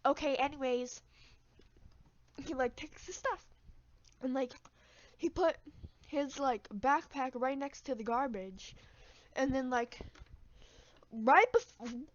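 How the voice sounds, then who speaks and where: A woman's voice: high voice, takes it slowly, long pauses, lo-fi sound. A woman telling a story in a rambling, casual way, with crude jokes. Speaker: vlogger. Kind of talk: storytime vlog.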